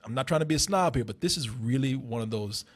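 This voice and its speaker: A man with a husky voice co-hosts a casual film review. His pitch rises and falls widely as he argues his points. He talks with blunt, animated, profane emphasis. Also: quick pace. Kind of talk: casual movie review banter.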